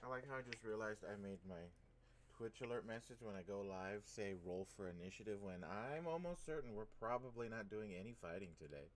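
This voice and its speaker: A man's voice: lowish voice, a little fast, slight background noise. A man hosting a tabletop game stream, chatting casually and cracking rambling jokes. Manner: joking, rambling, animated.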